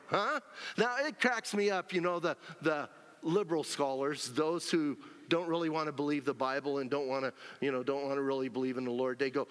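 A man preaching a sermon in an animated, conversational way, often checking in with his listeners. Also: fairly high pitch, normal speed. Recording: long hall reverb.

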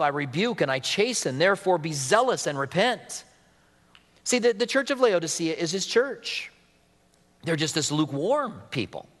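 A man's voice: a little high, fairly bright tone, in a large hall. A man preaching a sermon as pastor, earnest and reading scripture aloud to his congregation.

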